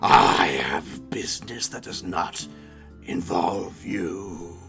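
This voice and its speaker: A man voicing a haughty, menacing shady male stranger in a tabletop game, speaking slowly and darkly. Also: creaky, fairly bright tone, faint music behind, full character voice. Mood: cold. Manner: slow, deep, threatening delivery.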